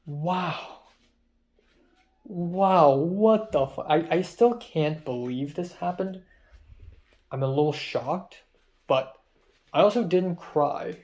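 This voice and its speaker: A man's voice: fairly high pitch, takes it slowly, long pauses, darkish tone. A young man telling a personal story in a rambling diary-style vlog, full of ums and quoted back-and-forth, sounding tired. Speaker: vlogger.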